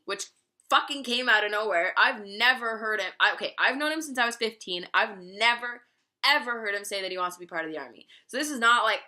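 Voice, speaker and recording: A woman's voice: fairly high pitch, moderate pace, bright, forceful tone. A young woman vlogger telling a story in a casual, candid, profane way and laughing often.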